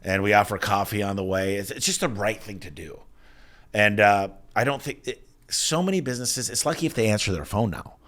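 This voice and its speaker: Emphatic man in his forties, low-voiced. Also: a little fast. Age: 40s. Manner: energetic, emphatic storyteller with frequent restarts. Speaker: business owner guest. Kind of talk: casual interview talk.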